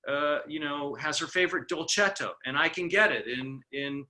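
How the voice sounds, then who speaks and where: A man's voice: on the high side, normal speed, bright, forceful tone. A middle-aged man from California hosting a casual conversation, chatty and full of fillers. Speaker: host.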